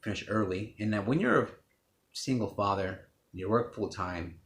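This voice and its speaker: Casting: low-voiced man, raw personal testimony, cursing freely, recorded in an echoey room with faint background noise. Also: moderate pace, fairly bright tone. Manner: blunt and profane, with restarts. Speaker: speaker telling his life story.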